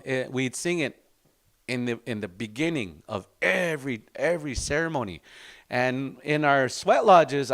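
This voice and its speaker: A man leads an informal language class. He speaks in an unhurried, reflective way and weaves little stories into his teaching. His voice sits in an ordinary middle range. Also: medium pitch.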